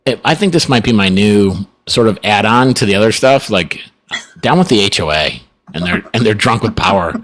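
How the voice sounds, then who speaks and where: A middle-aged man with a fairly low voice co-hosts a podcast, talking in a loose, rambling way. He circles back on his points and chuckles now and then as he goes. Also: lively intonation, normal speed, fairly bright tone. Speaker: podcast co-host. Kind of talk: casual chat.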